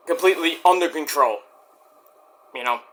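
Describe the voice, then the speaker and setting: A man with a high voice delivers a rambling solo vlog. His tone is bright and forceful, and he talks bluntly and defiantly, swearing freely. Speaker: vlogger. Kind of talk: casual rambling monologue.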